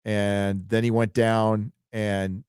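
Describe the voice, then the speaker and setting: A man's voice: on the low side, little pitch movement, takes it slowly, a little mellow, clean tone, no room sound, clean studio sound. A man hosting a live stream, chatting casually and reading out viewer donations in an offhand, rambling way. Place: home studio.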